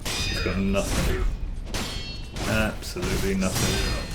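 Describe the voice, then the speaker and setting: A British man chatting casually while streaming a game live, unhurried and dryly joking with his viewers. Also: deep voice, level tone, loud music behind the voice. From Britain. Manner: unhurried, chatty, answers chat with dry humour. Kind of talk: casual live gameplay commentary.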